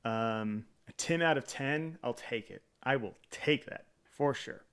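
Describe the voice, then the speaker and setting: A man's voice: medium pitch, measured pace, fairly bright tone, clean tone. A man streaming live in a casual chat, greeting viewers by name, rambling with hesitant fillers and self-deprecating jokes.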